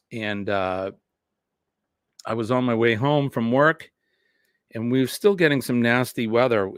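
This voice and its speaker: A man's voice: fairly low pitch, dry recording, studio quality. A man, chatting casually with viewers as host of a morning live stream, rambling and reading comments aloud. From New England. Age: 50s.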